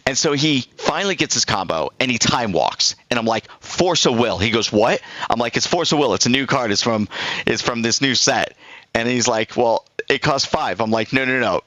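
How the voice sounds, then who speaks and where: A middle-aged man on a live stream tells a rambling anecdote, acting out both sides of the conversation. His medium-pitched voice sounds bright and forceful, and the recording is dry and rough.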